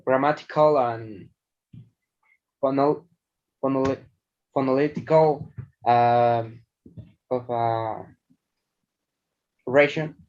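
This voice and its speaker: A man's voice: mid-range voice, fairly even intonation, takes it slowly, pauses often, darkish tone. A man answering interview questions hesitantly, searching for words and speaking casually. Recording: dull lo-fi recording.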